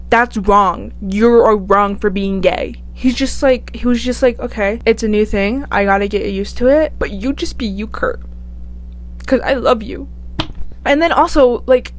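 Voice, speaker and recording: A young woman chats casually on her own channel, gushing and rambling with plenty of "like". Her voice sits a little high. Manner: chatty, gushing, lots of "like". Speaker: YouTuber. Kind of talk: casual chat ranking TV characters.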